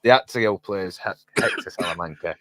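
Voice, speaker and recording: A man's voice: deep voice, fairly quick, pushed and bright. A man with an English accent in a casual podcast chat, swearing casually. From England.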